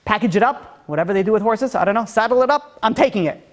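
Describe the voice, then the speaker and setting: A man voicing a brash, impulsive young prince who is quick to anger in a spoken story. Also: high-pitched, animated, pitched above the performer's own voice. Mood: scheming.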